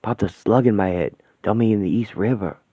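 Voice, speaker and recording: A man voicing a gruff, slangy ghost father in a radio play. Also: brisk, mellow, no echo. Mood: grave. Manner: rough slangy talk, lowered gruff voice. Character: ghostly street-tough father, gruff and tender. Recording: thin phone-like, dry sound.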